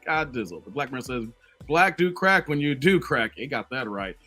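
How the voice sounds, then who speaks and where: A man's voice: medium pitch, very animated, normal speed, sharp tone. A man hosting a casual live stream, joking around, laughing often and reading viewer comments aloud. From Chicago.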